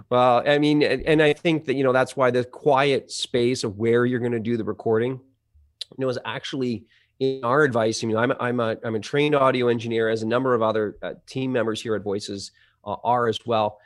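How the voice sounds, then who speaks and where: A man's voice: mid-range voice, steady tone, normal speed. A man who works as an audio engineer, explaining voice-over work in a rambling, conversational way with many fillers and restarts. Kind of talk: conversational podcast interview.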